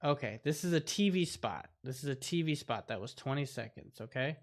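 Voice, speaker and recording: A man's voice: medium pitch, expressive, fairly quick. A man hosting a casual livestream chat, rambling as he reacts aloud to clips. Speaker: host.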